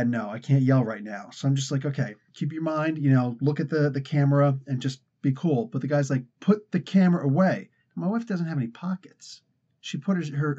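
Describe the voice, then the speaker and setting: A man's voice: fairly high pitch, husky, dull audio. An American man hosting a comic culture channel, telling a rambling casual story and acting out the quotes with laughs. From United States. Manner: rambling, animated retelling with acted-out quotes and laughs.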